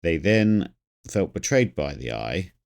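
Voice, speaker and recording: A man's voice: deep voice, sing-song, slow pace, creaky, a little mellow. A man streaming a game, thinking aloud and rambling as he plays and chats with viewers. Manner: reads chat aloud. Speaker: gaming streamer. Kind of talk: live game commentary.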